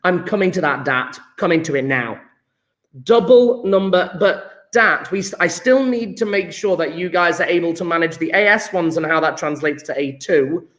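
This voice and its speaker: A male chemistry teacher, running a live online lesson, talking through ideas with restarts and drawn-out repeats. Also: a little high, expressive, fairly bright tone, reverberant. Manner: thinks aloud with restarts, drawn-out repetitions.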